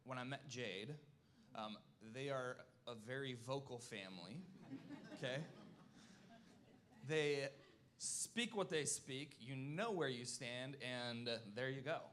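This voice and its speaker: A man's voice: mid-range voice, lively intonation, slow, fairly bright tone. A man in his thirties giving a personal testimony at church, earnest and folksy, often checking in with "okay?" and fighting back tears. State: emotional, close to tears. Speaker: church speaker.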